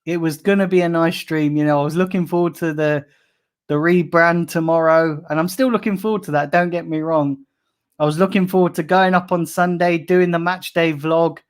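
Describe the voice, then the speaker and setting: A man's voice: a little high, steady tone, normal speed, clear, resonant tone. Fuming man ranting on stream. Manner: angry, swearing, ranting. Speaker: football fan live streamer. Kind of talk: live stream rant reading chat comments.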